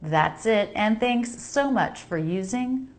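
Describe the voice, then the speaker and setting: Slow, precise American woman teacher. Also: medium pitch, lively intonation. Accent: General American. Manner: slow, precise, repeats words for practice. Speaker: English pronunciation teacher. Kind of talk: pronunciation lesson voice-over.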